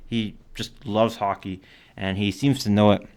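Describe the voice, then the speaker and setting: A man's voice: fairly low pitch, steady tone, unhurried, darkish tone. A man from Canada giving casual solo commentary, reading out stats and quotes with lots of fillers. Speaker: hockey commentator.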